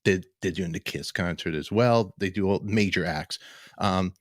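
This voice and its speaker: A man's voice: low voice, normal speed, no echo, clean studio sound. Joking rambling man in his fifties. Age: 50s. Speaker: talk show host. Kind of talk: casual live-stream chat.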